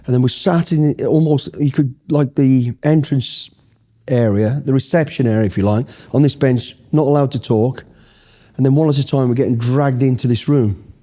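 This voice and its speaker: A man's voice: medium pitch, normal speed, mellow. A middle-aged man, telling a war story in a casual interview, blunt and swearing freely. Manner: blunt, swears freely, acts out his past thoughts. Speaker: interview guest, former special forces soldier.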